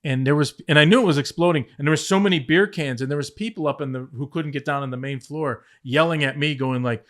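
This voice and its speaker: A former head writer of a wrestling show, guesting on a podcast, talks fast with few pauses in a voice on the high side. He tells backstage stories casually and animatedly, swearing a lot and acting out quotes mid-story.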